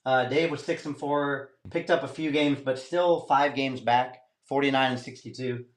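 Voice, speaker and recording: A man of ordinary pitch chats easily on a sports podcast, laughing often as he reads off the standings. His tone stays relaxed and conversational. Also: normal speed. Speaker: podcast co-host tracking picks. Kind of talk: casual sports banter.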